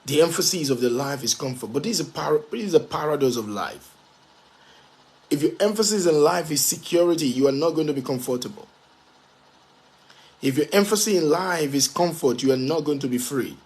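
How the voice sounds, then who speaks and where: A man's voice, pitched a little higher than most men's, delivering a motivational talk with emphatic force. He drives his points home by repeating key phrases again and again. Now and then he slows to spell a word out letter by letter. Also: expressive, darkish tone. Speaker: motivational speaker.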